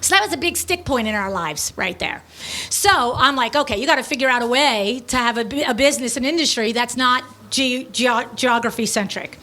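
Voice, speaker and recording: A middle-aged woman with a high voice tells a story in a casual, animated way. She is blunt and breezy and throws in quick asides as she goes. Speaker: podcast host and business owner.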